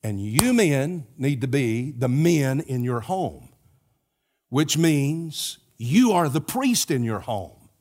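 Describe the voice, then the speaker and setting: An older male pastor preaching from the pulpit in a steady, mid-pitched voice. He builds his points through earnest repetition and warms them with homespun asides. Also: slow. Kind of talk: sermon.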